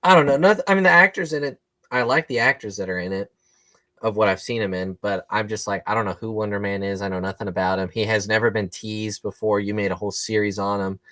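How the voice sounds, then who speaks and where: Male podcast co-host, lowish voice, dry sound, rambling chat. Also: fast, fairly bright tone, dry recording. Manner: chatty, rambling with fillers. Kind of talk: casual chat.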